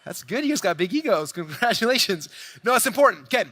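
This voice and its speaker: A man giving a high-energy sales presentation to a large live audience, addressing the crowd directly in a playful, energetic way. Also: quick pace. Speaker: speaker at a sales event. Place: large event hall, speaking to a crowd.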